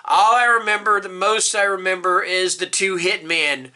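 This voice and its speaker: A man's voice: sits high, a little slow, bright, forceful tone. A middle-aged man chatting casually about books, rambling and emphatic, often checking in with "all right?" and swearing now and then. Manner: openly emotional, swears. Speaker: book reviewer. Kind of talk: casual booktube tag video.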